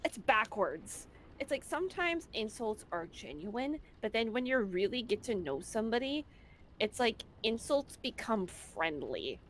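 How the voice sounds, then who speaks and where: A woman's voice: on the high side, very animated, measured pace, a little hiss or hum. A woman chatting casually, giggly and talkative. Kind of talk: casual chat.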